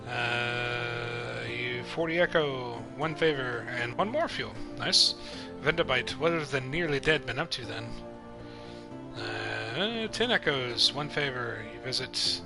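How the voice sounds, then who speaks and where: A man's voice: mid-range voice, expressive, takes it slowly, over music, poor audio. A man giving casual let's-play commentary, reading the on-screen text aloud between offhand asides. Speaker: gameplay commentator.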